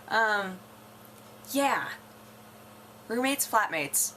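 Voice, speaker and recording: A woman's voice: medium pitch, big pitch swings, takes it slowly, long pauses, pushed and bright, a little hiss or hum. A young woman from North America chatting casually to camera, rambling and musing, often laughing and trailing off. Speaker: vlogger.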